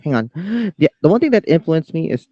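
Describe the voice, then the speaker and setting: A man from the Philippines speaks as a guest on a casual podcast, nervous and prone to stammering. His voice is dark and mellow. It comes through a dull, lo-fi mic with a dry sound. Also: a little high, very animated, brisk, no echo. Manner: nervous, stammering, laughs often.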